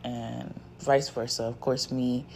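A woman's voice: a bass voice, flat delivery, slow, creaky, a little mellow, slight background noise. A woman who gives spiritual readings, ranting bluntly to her followers and swearing constantly. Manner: blunt, profane and emphatic. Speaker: spiritual content creator and card reader. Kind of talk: unscripted rant to followers.

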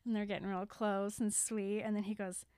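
A woman's voice: mid-range voice, level tone, normal speed, a little mellow, clean tone, dry recording, clean studio sound. A young woman casually retelling a film's plot, acting out the characters' lines and filling her talk with "like". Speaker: podcast co-host retelling a film. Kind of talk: casual chat, recapping a film plot.

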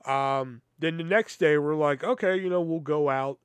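A man's voice: on the high side, moderate pace, smooth, no echo. Profane, rambling young man telling stories. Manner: rambling, profane, exasperated storytelling. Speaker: podcast host. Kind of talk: casual storytelling.

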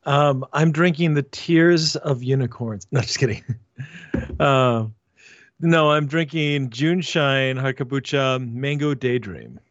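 A man's voice: mid-range voice, slow, dry recording, lo-fi sound. A man co-hosting a casual podcast chat, joking and playful. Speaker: podcast co-host. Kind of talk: casual chat over beers.

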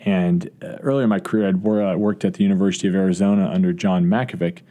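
A man's voice: low-pitched, steady tone, quick pace, mellow. A man who is a college football coach, answering interview questions earnestly, with frequent restarts and fillers. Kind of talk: podcast interview.

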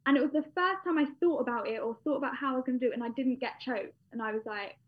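A woman's voice: sits high, rapid-fire. Chatty young British woman, lo-fi. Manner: chatty, with frequent fillers and laughs. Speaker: guest. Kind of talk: casual personal storytelling. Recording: dull lo-fi sound.

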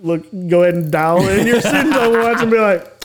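A man with an Alabama accent and a fairly high voice. He banters in a joking, slangy way, dropping quick quips and agreeing interjections. Relaxed podcast conversation. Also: slight background noise. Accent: Birmingham, Alabama. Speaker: podcast co-host. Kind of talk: casual chat.

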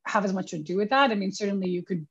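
A young woman producer tells her stories in a chatty, self-deprecating way, with plenty of "like". Her voice is gravelly and husky. The recording sounds dull and lo-fi. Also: mid-range voice, rapid-fire. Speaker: film producer guest. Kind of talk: casual interview storytelling.

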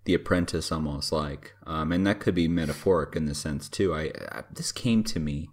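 Deep, halting male voice. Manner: halting, filler-heavy, reflective. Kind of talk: casual chat.

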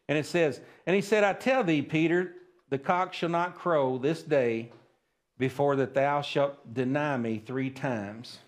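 A man preaching a sermon at a church service, plain-spoken and folksy, often checking in with the congregation. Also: mid-range voice. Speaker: pastor.

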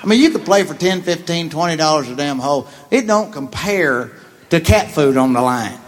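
A man who is a comedian guest, telling a long anecdote in a profane, laughing, animated way. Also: on the high side, normal speed, slight background noise. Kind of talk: storytelling anecdote.

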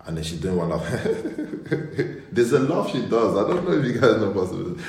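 A young male pastor chatting casually on an online stream, telling animated stories and mimicking the people in them. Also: on the low side, fast. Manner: animated storytelling with mimicked voices. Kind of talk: casual online livestream chat. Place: indoors at home. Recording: roomy echo.

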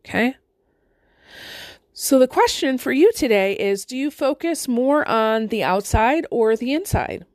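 A woman's voice: a little high, lively intonation, measured pace, a little mellow, no room sound. Chatty woman coach, dry close sound. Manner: conversational, frequent "right?" and rhetorical questions. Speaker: life coach. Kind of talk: motivational monologue to listeners.

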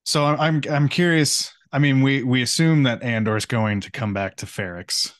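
A man's voice: mid-range voice, normal speed, no room sound. A man co-hosting a casual chat podcast, easygoing and agreeable, laughing along with his partner. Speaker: podcast co-host.

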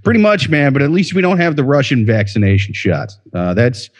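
A man's voice: medium pitch, sing-song, brisk. A man co-hosting a casual podcast, joking in a sarcastic manner. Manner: sarcastic, jokey. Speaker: podcast co-host. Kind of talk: casual chat.

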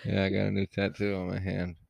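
Gravelly, grumpy deadpan man. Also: low-pitched, fast talker, no echo, lo-fi sound. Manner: grumpy, deadpan, swears a lot. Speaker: podcast co-host. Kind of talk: casual podcast banter.

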